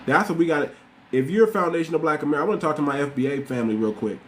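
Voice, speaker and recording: Rapid-fire and on the high side, the man's voice comes with a little hiss or hum. He hosts a podcast and addresses listeners directly in a blunt, repetitive, casual commentary monologue.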